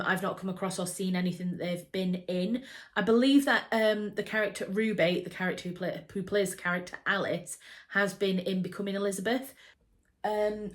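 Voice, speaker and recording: A woman from England chatting enthusiastically to camera about a book adaptation, with frequent fillers and restarts. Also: mid-range voice. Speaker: book vlogger. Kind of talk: casual chat to camera.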